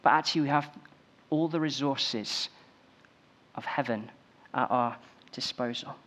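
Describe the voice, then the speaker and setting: A man's voice: mid-range voice, a little slow, a bit bright. A man preaching a sermon, building emphasis through repeated phrases.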